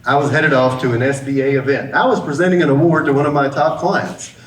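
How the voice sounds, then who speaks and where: A man's voice: mid-range voice, quick pace. A middle-aged man, a business coach, gives a motivational talk and acts out the people in his story. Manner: lively storyteller who acts out the dialogue. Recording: roomy sound, mic at a distance, faint background hum.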